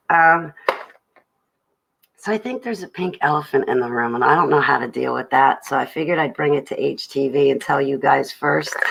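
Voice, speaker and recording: A woman's voice: deep voice, creaky, slightly rough, poor audio. A young adult woman hosting a livestream, rambling chattily about her day and greeting viewers in the chat. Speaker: livestream host.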